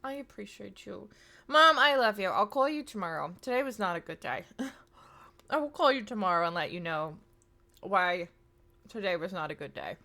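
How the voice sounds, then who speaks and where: A woman's voice: on the low side, lively intonation, normal speed, vocal fry, a bit bright. A woman in her thirties chatting casually to her live-stream audience, rambling with plenty of fillers. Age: 30s.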